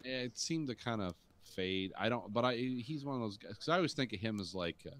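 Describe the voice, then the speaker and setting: A man's voice: medium pitch, fairly quick, fairly bright tone. A man co-hosting a podcast, chatting casually about a film and rambling while he searches for names. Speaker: podcast co-host. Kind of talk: casual movie review chat.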